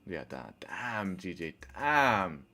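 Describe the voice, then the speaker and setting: A man's voice: sits low, very animated, slow, sharp tone, faint music behind. A man livestreaming his trading, thinking aloud, answering chat and groaning when trades go against him. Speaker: trading live-streamer. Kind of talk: casual live-stream commentary.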